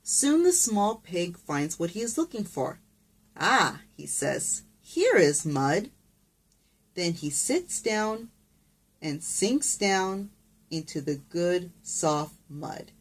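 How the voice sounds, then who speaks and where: A woman's voice: on the low side, very animated, slow pace, darkish tone. A woman teacher reading a picture book aloud to children, patient and encouraging, with asides to the kids.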